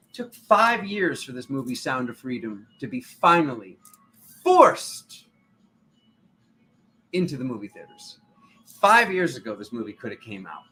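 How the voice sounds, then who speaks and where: A man's voice: on the high side, sharp tone. A man hosting a live tarot stream, speaking in a fervent, preachy and riled-up way, calling his viewers family. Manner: riled up, urgent. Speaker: tarot reader and channel host.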